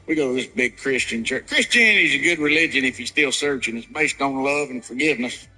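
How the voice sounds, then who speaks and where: A man doing an irreverent stand-up routine, riffing loosely and leaping into loud mock scenarios. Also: medium pitch, a little fast, faint music behind, low-quality recording. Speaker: stand-up comedian.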